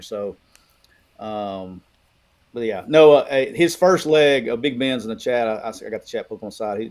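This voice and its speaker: A middle-aged man from Alabama chats casually about sports as a co-host. He tells long, meandering stories, often restarting his sentences. His voice sits at an ordinary pitch for a man. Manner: rambling, animated storytelling with restarts.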